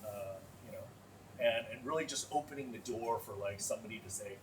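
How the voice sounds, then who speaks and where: A man takes part in a panel discussion, speaking earnestly and conversationally with plenty of "like." His voice is lowish and fairly quick, picked up by a distant mic with faint noise.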